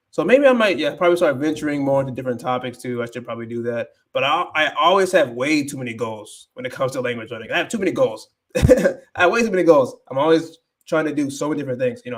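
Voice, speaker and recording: Rambling man chatting on a livestream. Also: mid-range voice. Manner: rambling, thinking aloud, mixing Spanish phrases. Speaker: livestream host, language learner. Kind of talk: casual livestream chat.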